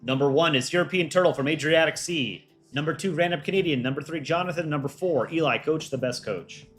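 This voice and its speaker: A man's voice: a little high, brisk, a bit bright, soft background music. A man hosting a casual livestream, reading out fan art entries and reacting with light jokes.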